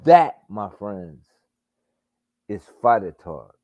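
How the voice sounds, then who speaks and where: A man reacts to boxing on a livestream with a fairly low voice and an unhurried delivery. He talks casually, swears freely and stresses his points. The audio is dry and muffled, like lo-fi stream sound. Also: lively intonation, no echo. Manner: profane, emphatic, drawn-out remarks. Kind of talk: casual live commentary.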